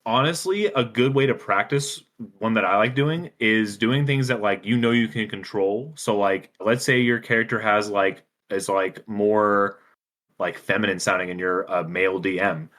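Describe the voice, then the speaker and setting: A man's voice: lowish voice, normal speed, fairly bright tone. A man talking casually as a podcast guest, giving eager advice full of fillers about running tabletop games. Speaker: podcast guest, dungeon master. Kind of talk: casual chat.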